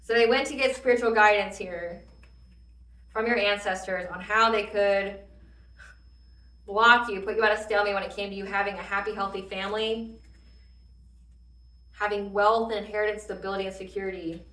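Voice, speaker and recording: A woman giving a casual tarot reading in an animated way, swearing freely and laughing often. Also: medium pitch, normal speed, long pauses, reverberant, recorded from a distance, rough recording. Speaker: tarot reader.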